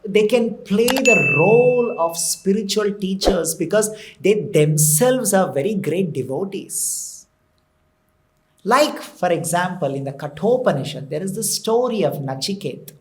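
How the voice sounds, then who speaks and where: A man giving a storytelling sermon as a temple preacher, explaining slowly and asking rhetorical questions. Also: high voice.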